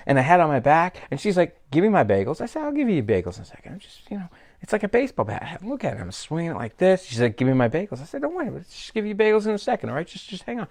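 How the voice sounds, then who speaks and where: A middle-aged man, a pastor telling a personal story in a sermon, animated and self-mocking, with many fillers and restarts. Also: on the high side. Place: church sanctuary.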